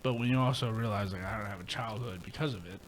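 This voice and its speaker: A man's voice: fairly low pitch, fast talker, a little hiss or hum. A young man co-hosting a podcast, telling a rambling, profane story in casual chat. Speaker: podcast co-host.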